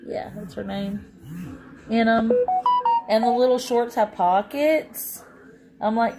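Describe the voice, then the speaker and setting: A woman's voice: mid-range voice, slow, long pauses, a little mellow, faint music behind. Tired, rambling woman streaming from home. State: worn out after a long day. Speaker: live streamer. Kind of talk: casual live-stream chat with viewers.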